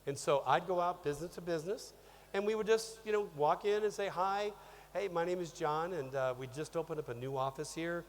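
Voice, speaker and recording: Energetic male trainer in a hall. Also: a little high, fast talker. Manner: energetic, conversational, repeats words and says "okay?" often. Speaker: business trainer speaking on stage. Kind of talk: motivational talk to an audience. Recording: long reverb of a large hall, faint hum.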